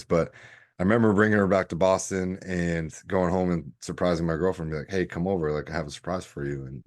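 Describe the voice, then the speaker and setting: A man's voice: sits low, steady tone, a little fast, darkish tone. A man in his thirties hosting a solo podcast, telling stories in a casual, rambling way. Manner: casual, rambling storytelling with fillers. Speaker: podcast host.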